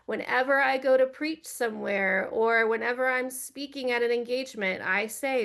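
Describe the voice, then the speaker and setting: Earnest, direct woman with a higher voice. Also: normal speed, hardly any pauses. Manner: earnest, direct, gently instructive. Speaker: church director of operations. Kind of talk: earnest teaching talk.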